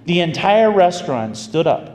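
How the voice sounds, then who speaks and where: A man preaching as a pastor, telling a story in an animated, folksy way. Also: sits high, moderate pace. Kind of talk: storytelling sermon. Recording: echoey hall with faint ambience.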